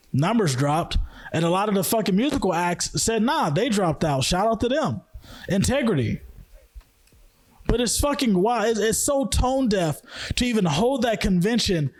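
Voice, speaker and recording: A young man hosting a podcast, ranting angrily about the news with heavy swearing and emphatic outbursts. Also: high voice. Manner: heated, profane, emphatic. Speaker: podcast host. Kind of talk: angry news rant.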